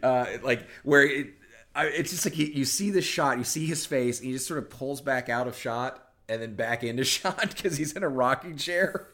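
A man's voice: mid-range voice, moderate pace, sharp tone. A man co-hosting a podcast in casual chat, rambling and restarting his sentences as he retells scenes. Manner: rambling, restarts sentences, acts out movie lines. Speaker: podcast co-host.

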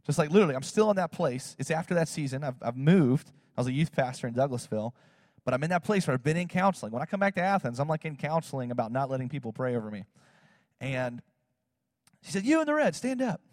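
Animated preacher man in a reverberant hall. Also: medium pitch, quick pace, clean studio sound. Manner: animated, acts out quotes in other voices, fillers like "like" and "you know". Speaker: pastor. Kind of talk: sermon storytelling.

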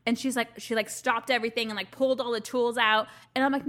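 A woman's voice: fairly high pitch, little pitch movement, quick pace, fairly bright tone. A woman co-hosting a podcast, chatting casually, swearing freely and laughing often while she tells a story. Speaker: podcast co-host. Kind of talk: casual chat.

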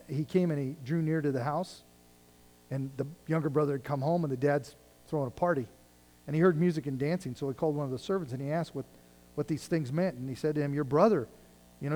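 A man's voice: mid-range voice, warm tone, low-quality recording. A male pastor preaching a sermon, reading scripture and retelling it in everyday words, rising and dropping in intensity. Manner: paraphrases scripture conversationally, rising and falling in intensity.

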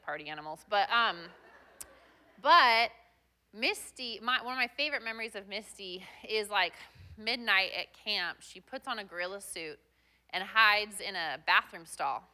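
A woman's voice: mid-range voice, sharp tone. A young woman guest pastor giving a chatty, self-deprecating sermon with plenty of fillers.

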